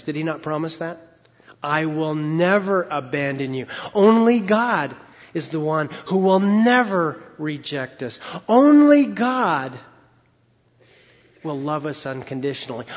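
Emphatic preacher man, husky voice. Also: a little high, in a large hall, lo-fi sound. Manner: emphatic, preacherly, slowing down to stress key words. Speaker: pastor. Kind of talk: sermon.

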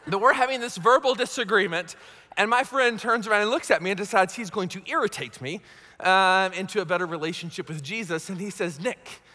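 A man's voice: high-pitched, a little fast, bright, forceful tone. A man preaching a sermon as pastor, conversational and self-mocking, often checking in with his listeners. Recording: long hall reverb.

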